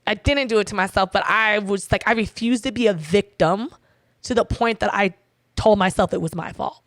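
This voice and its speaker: Young woman telling her story straight, cursing a lot, gravelly fry in her voice, dry close sound. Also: mid-range voice, normal speed, a bit bright, no room sound. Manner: blunt, profane, quotes herself and others. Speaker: guest. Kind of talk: candid personal storytelling.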